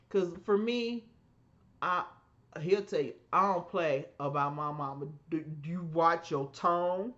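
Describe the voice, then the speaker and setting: A woman co-hosting a podcast, telling family stories in an emphatic, animated way and acting out the voices she quotes. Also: on the low side, measured pace, dull audio. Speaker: podcast co-host. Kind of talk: casual storytelling chat.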